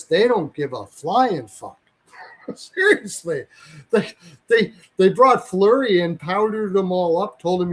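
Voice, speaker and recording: A man with a high-pitched voice hosts a hockey talk show, captured in a rough recording. His chat is casual and blunt, he swears freely, and he rambles while often correcting himself mid-sentence.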